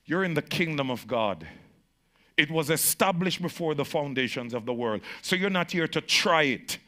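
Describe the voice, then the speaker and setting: A man preaching a sermon to a congregation as pastor, with emphatic repetition that swings from shouted peaks to slow, low phrases. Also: animated.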